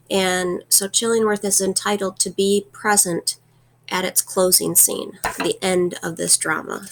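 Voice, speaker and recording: A woman's voice: mid-range voice, a little hiss or hum. A woman teacher recapping a novel chapter in a casual, conversational way, with fillers as she retells.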